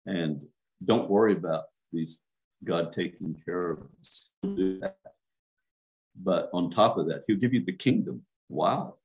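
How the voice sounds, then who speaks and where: A man with a low, deep voice preaches a sermon as a minister. He drives his points home by repeating words over and over, and he puts direct questions to his listeners. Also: measured pace, darkish tone, soft background music, low-quality recording. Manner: emphatic, repeats words for stress.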